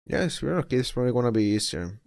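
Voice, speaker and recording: A man's voice: medium pitch, animated, fast talker, creaky, a little mellow, smooth, no echo, studio quality. A young man streaming, chatting casually and with disbelief while reading posts aloud, laughing often.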